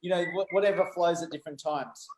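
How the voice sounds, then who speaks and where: A man's voice: fairly high pitch, fast talker, darkish tone, a little hiss or hum. A man hosting a casual chat, joking and laughing easily. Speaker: host. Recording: echoey room.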